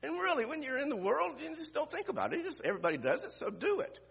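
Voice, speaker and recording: An older man preaches in a high, gravelly voice that swings up and down a lot. He talks to his congregation in a conversational way, asking rhetorical questions and often restarting his sentences. The recording sounds dull and lo-fi. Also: very animated, quick pace, fairly bright tone. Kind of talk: sermon.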